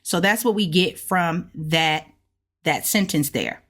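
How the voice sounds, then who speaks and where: Slow, low-voiced woman explaining a lesson. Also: fairly bright tone. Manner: slow step-by-step explaining, drawing out syllables to demonstrate. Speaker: host of a language-learning channel. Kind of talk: casual video lesson.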